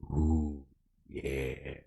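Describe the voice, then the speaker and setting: A man with a breathy, crooning delivery putting on the voice of a creepy, seductive male talking skull. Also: extremely low pitch, little pitch movement, very slow, dark tone, no echo, voice pushed down, heavily acted. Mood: sleazy, seductive.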